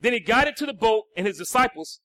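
A male pastor, preaching a sermon that swings between shouted lines and hushed, low passages. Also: expressive, fast, dry recording, studio quality.

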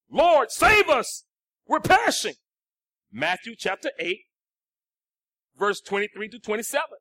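High, bright preacher swinging from shouts to hush. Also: male voice, dry recording, clean studio sound. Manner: preaching with sudden swings from shouts to hushed lines. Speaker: pastor. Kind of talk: sermon.

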